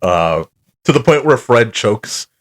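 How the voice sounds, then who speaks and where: A man co-hosts a casual podcast about cartoons. He talks in a loose, rambling way and peppers his plot recaps with swearing and animated asides. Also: mid-range voice, takes it slowly. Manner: rambling, profane, animated retelling. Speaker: podcast co-host. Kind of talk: casual chat.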